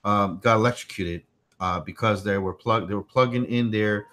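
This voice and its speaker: This tech channel host has a lowish, fairly bright voice and talks at a normal speed. His home livestream chat is loose and meandering, with repeated points and interruptions to address his young son.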